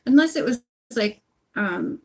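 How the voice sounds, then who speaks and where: A woman's voice: a little high, expressive, a little slow, vocal fry, darkish tone, breathy edge. A woman casually chatting on a phone livestream at home while she knits, rambling with lots of asides. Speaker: audiobook channel host.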